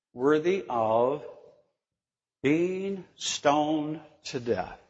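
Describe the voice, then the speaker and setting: A man delivers a sermon in an unhurried, deliberate way, stressing his words and pausing to put questions to his listeners. The recording is dull and lo-fi, and his voice rings out with the long reverb of a large hall. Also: mid-range voice, a little mellow. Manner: slow, emphatic, asks the listeners questions. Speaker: preacher.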